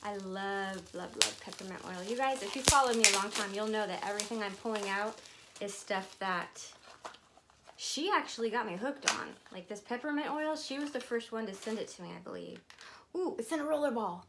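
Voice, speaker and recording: A woman's voice: mid-range voice, very noisy. A woman vlogging casually as she unboxes gifts, gushing and emotional, at times tearful. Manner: slow, drawn-out delivery. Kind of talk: casual chat to camera.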